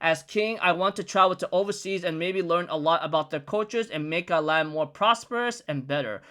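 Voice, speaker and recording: A man reading the lines of a brash, hot-tempered male giant king in a loud, indignant way. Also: high-pitched, a little fast. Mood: earnest.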